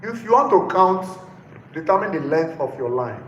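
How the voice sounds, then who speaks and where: A man lecturing a class, his voice sitting fairly high as he repeats each point and stops to ask whether everyone is following. The sound is roomy and echoey, with a faint hum of noise underneath. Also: big pitch swings, normal speed, highs cut off. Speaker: teacher.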